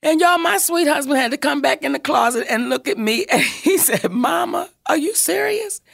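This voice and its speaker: A woman telling a personal story in casual chat, animated and swearing freely as she acts out what people said. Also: sits high, fairly quick, creaky.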